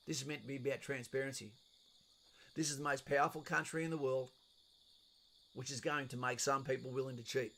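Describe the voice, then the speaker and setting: A middle-aged Australian man hosting a live stream, his voice carrying a gravelly, creaky edge. He talks bluntly and casually, swearing freely as he reads viewers' comments aloud and responds. His pitch sits in an ordinary middle range for a man. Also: steady tone, fairly quick, long pauses, a bit bright. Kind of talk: casual live stream, reading and answering chat.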